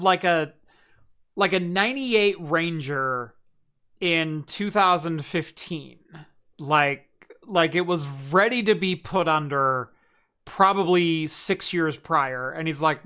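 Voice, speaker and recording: A man's voice: fairly high pitch, bright, forceful tone. A man hosting a tech podcast, chatting casually and telling a rambling anecdote with dry asides. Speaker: podcast host. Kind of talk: casual chat.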